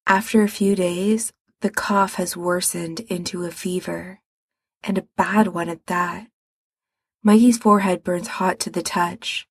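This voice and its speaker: Slow, breathy woman reading a story. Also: on the low side, steady tone, dry recording. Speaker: narrator. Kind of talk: storybook narration.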